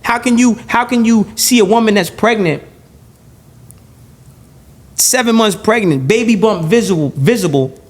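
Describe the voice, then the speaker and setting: A man with a strikingly high voice, appearing as a podcast guest in a heated interview, rushes along animatedly, piling up and repeating phrases, restarting sentences, and swearing bluntly. He is blunt and profane.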